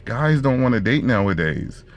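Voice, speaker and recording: A man's voice: mid-range voice, very animated, normal speed, slight background noise, pitched above the performer's own voice. A man voicing a skeptical young woman he is quoting, talking in a blunt, lecturing way.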